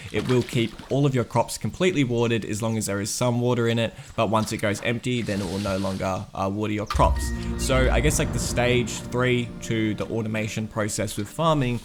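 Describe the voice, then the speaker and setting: A man's voice: lowish voice, fairly even intonation, brisk, few pauses, music in the background. A game developer, a man, casually walking through his progress in a dev diary, rambling and enthusiastic with lots of fillers.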